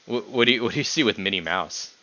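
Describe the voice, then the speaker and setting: A young man hosting a casual podcast stream, teasing his guest and laughing often as his voice jumps up when excited. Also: on the low side, fast talker, highs cut off. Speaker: podcast host. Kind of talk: casual chat ranking characters with a guest.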